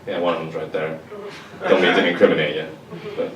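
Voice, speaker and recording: A young man doing a stand-up comedy set, deadpan and slangy, with casual profanity. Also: extremely low pitch, a little fast, a loud crowd. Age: young adult. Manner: deadpan, slangy and profane, mocks others in put-on voices. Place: college venue with audience laughter. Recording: echoey room, distant mic, loud ambience.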